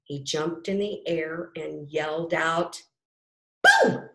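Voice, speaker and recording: Lady reading a kids' picture book, slow and lowish, roomy echo. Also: fairly even intonation, gravelly. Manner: gentle, rhyming read-aloud with asides to children. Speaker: storybook reader.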